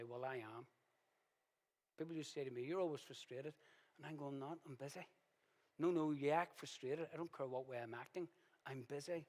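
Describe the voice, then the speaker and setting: A male pastor preaching a sermon in a conversational way, with sudden loud, emphatic bursts. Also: medium pitch. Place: church hall. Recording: reverberant church hall.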